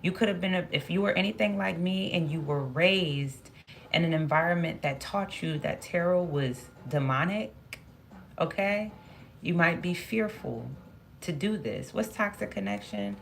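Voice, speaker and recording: A woman's voice: lowish voice, unhurried, gravelly, a little hiss or hum. A woman giving a spoken tarot reading, musing aloud and repeating phrases as she draws cards. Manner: musing, repeats phrases, talks to herself while drawing cards. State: emotional at moments. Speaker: tarot reader.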